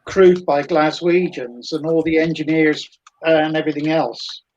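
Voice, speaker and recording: A man tells an anecdote at a measured pace in casual chat. His voice comes through muffled and lo-fi over the call. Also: fairly high pitch, steady tone, a little mellow, a little hiss or hum.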